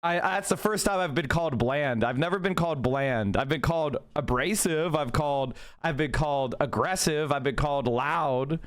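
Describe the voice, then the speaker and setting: Guy streaming to chat, pretty high voice for a man, worked up, swears a lot and says stuff twice to hammer it home. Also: normal speed, hardly any pauses. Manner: heated, emphatic, repeats himself for force; profane. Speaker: livestreamer. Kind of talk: livestream commentary, reacting to chat.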